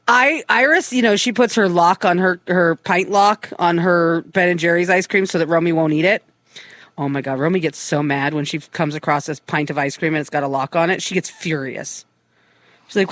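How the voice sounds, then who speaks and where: A middle-aged woman co-hosting a casual talk show, telling a family story with animated swearing. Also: fairly low pitch, moderate pace, dry recording. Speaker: co-host. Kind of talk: casual chat.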